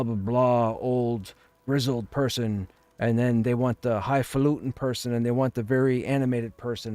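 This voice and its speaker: A man's voice: mid-range voice, warm tone, no room sound. Rambling male streamer, dry close sound. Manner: rambling, conversational. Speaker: game streamer. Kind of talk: casual chat while streaming.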